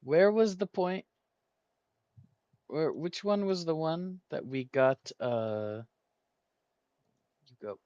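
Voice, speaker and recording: A man's voice: fairly high pitch, slow pace, pauses often, darkish tone, clean tone, dry recording, dull audio. A man hosting a gaming video, thinking aloud and muttering guesses as he works through a word puzzle. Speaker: gaming channel host. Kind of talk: casual puzzle-solving commentary.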